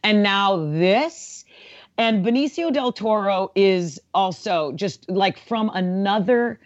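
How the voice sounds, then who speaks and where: A woman in casual chat, talking in an animated, gushing way and often trailing off mid-sentence. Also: medium pitch, slow, no echo, highs cut off.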